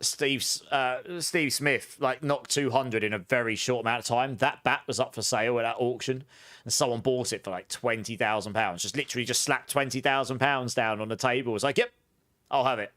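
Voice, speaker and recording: A man's voice: medium pitch, fairly quick, fairly bright tone. A man chatting casually while streaming a game, answering his chat and telling long rambling anecdotes.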